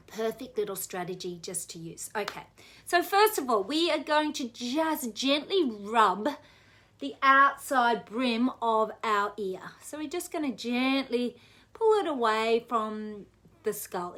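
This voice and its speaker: A woman teaching a guided self-massage for relaxation, talking gently and slowly in a soothing way. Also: medium pitch. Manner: gentle, soothing, slow guidance with soft laughs. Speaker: wellness educator.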